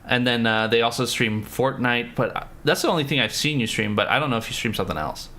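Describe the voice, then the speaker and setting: A man's voice: medium pitch, animated, fairly quick, sharp tone. A man live-streaming a game, chatting with viewers, greeting them by name and thinking through puzzles aloud.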